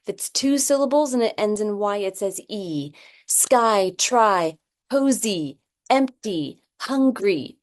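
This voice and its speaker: A woman walks parents through a phonics check like a patient reading teacher. She sounds out each example word slowly and carefully, with an ordinary mid-range pitch. She keeps pausing to check in with a quick "okay?". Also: lively intonation. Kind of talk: explaining a phonics assessment.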